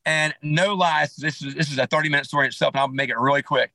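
A man being interviewed on a podcast, telling a hunting story in a rambling, animated way with many restarts and asides. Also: on the high side, quick pace, creaky, no echo, low-quality recording. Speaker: podcast guest, clothing company founder.

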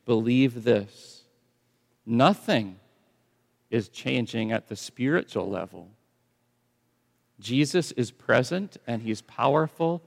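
A man preaching a sermon as pastor, swinging from hushed, slow lines to loud, emphatic ones. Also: mid-range voice, big-room sound.

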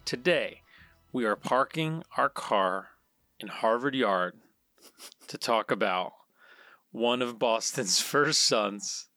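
A male podcast host chatting casually and drifting into long tangents, restarting his sentences as he goes. His voice is bright and forceful in an average pitch. The sound is dry, with no room echo. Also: expressive, takes it slowly, long pauses, soft background music. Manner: chatty and digressive, restarts often.

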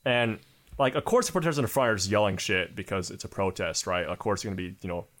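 This young man's voice sits on the lower side, a bit bright, and moves fast. Co-hosting a podcast, he rambles through a casual rant laced with heavy profanity and constant fillers.

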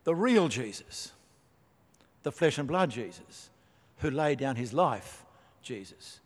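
Emphatic preacher in a reverberant hall. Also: male voice, mid-range voice. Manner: emphatic, rhetorical questions, dry asides. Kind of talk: sermon.

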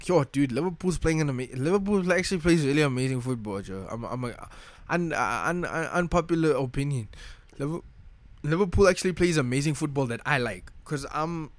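Young male fan vlogger, mid-pitch, frustrated slangy rant, dry close recording. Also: no room sound. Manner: frustrated, slangy, repeats himself. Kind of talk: casual rant.

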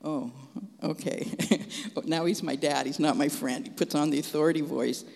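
A man preaching a testimony in an animated, frank and folksy storytelling manner. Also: a little high, normal speed, gravelly. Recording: long hall reverb.

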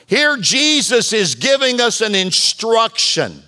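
A man preaching a sermon as pastor, animated and bantering with the congregation. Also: extremely high pitch, slow pace. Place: church sanctuary.

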